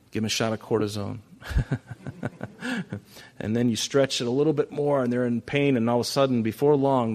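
A male pastor giving a sermon in a conversational way. He swings between loud, emphatic lines and soft, hushed passages, and often repeats phrases. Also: mid-range voice.

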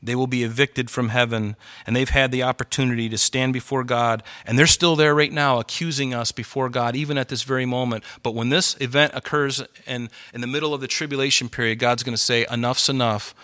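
A man's voice: mid-range voice, fairly even intonation, fairly quick, few pauses, bright, forceful tone. A male pastor delivering a sermon to a congregation, conversational and worked up, driving his points home with emphatic repetition. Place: church hall with congregation.

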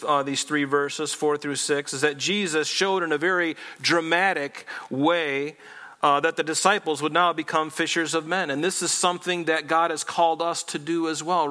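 A man's voice: on the high side, steady tone, normal speed, sharp tone. A man preaching a sermon in an earnest, explanatory way, often restarting phrases. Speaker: pastor.

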